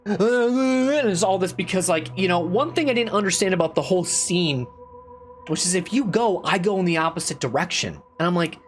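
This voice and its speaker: A man's voice: on the high side, lively intonation, fairly quick, soft background music. A man giving a casual spoken game review, rambling and repeating himself with restarts and swearing, and getting exasperated as he complains. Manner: exasperated, rising into loud complaint.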